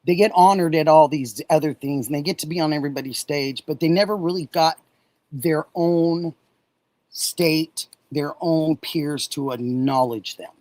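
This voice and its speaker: A middle-aged woman from Oregon hosting a casual livestream, warmly thanking viewers and answering chat messages. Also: sits low, moderate pace, dry recording, rough recording. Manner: warm, gushing, reads and answers chat messages. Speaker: livestream host.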